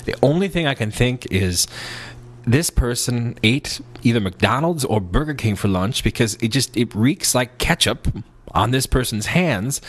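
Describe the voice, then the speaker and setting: A man telling a story in a casual, rambling monologue. He is playful, restarts his sentences often, and sometimes slips into a high, silly put-on voice. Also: animated, unhurried. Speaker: podcast host.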